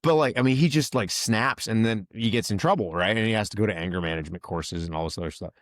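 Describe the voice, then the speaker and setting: A man's voice: on the low side, fast talker, no echo, clean studio sound. A man hosting a podcast, telling stories in casual chat and acting out the voices of people he quotes. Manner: animated storyteller, acts out quoted voices. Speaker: podcast host, veteran.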